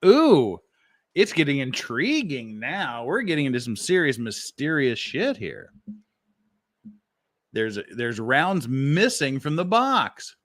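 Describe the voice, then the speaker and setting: A man giving profane, excitable reaction commentary who repeats himself as he talks. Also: mid-range voice, slow pace, dry recording, clean studio sound.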